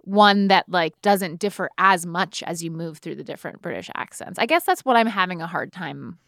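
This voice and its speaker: A chatty woman co-hosting a podcast, with a bright, forceful voice. The recording is close and dry. She asks rambling questions and second-guesses herself. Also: lowish voice, moderate pace, gravelly, no room sound. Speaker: podcast co-host. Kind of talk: casual chat.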